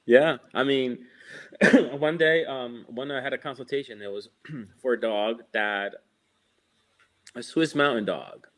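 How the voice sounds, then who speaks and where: A man's voice: mid-range voice, measured pace, a bit bright. A man who works as a dog trainer, talking in a casual chat in a reflective, loose, laid-back way with many restarts.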